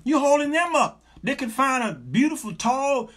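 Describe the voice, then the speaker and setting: Middle-aged male host with a bright, husky voice; animated, sermon-style advice, joking and repeating himself. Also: very high voice, moderate pace. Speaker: talk show host.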